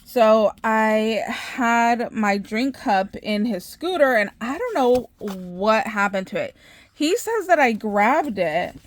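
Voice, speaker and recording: Chatty woman telling a story, bright voice. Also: on the high side, slow pace. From Southern California. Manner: chatty, animated, laughs often, many filler words. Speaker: craft channel host. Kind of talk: casual storytelling vlog.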